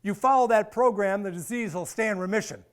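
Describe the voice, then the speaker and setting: A man's voice: sits high, a little fast, a bit bright, clean tone. A man voicing a stern older male doctor who speaks bluntly and with authority. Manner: commanding, blunt, lecturing.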